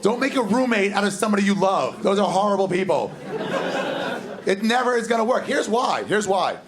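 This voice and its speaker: Man, stand-up comedian, crude deadpan delivery, slightly high voice, loud live club crowd. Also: a little fast. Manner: crude, deadpan storytelling with loud acted outbursts. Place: comedy club stage before a live audience.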